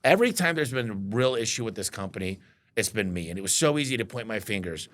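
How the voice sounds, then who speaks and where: A man's voice: lowish voice, fast. A man telling business stories in casual chat, acting out what others said to him. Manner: animated, quotes others in acted voices. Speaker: business owner guest. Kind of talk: casual storytelling.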